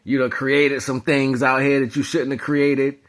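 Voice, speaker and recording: Man, mid-pitch, slangy and rambling, holding a casual spiritual talk. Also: a little slow. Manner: rambling, slangy, animated storytelling. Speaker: spiritual commentator.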